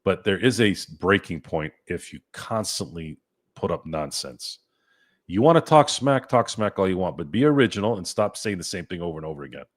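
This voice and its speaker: A man's voice: low voice, very animated, a little fast. A man hosting a live-stream sports chat, ranting and cursing in a fired-up way. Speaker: sports podcast host.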